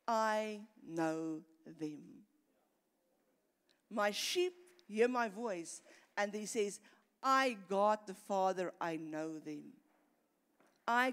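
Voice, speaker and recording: A middle-aged woman pastor, preaching an earnest sermon that builds in intensity and often repeats words. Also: medium pitch. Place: church hall. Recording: long reverb of a church hall.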